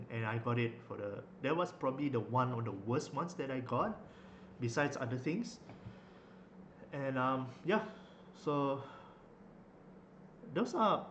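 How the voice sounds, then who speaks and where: Young man, mid-pitched, chatty and rambling, roomy recording. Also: muffled recording. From Malaysia. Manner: rambling, with many fillers and restarts. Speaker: vlogger. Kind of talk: casual storytelling. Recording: echoey room, faint noise.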